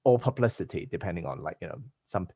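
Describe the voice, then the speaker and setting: A man's voice: sits low, expressive, fast, dark tone, slightly rough, no room sound. A man hosting a podcast in casual conversation over a video call, talking in a rambling, hesitant way with many restarts. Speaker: podcast host.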